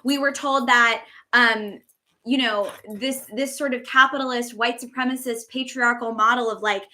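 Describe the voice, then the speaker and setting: A woman's voice: a little high, steady tone, normal speed, pushed and bright. A woman hosting a spiritual podcast, teaching in an effusive, casual way, swearing freely and stretching out words for emphasis.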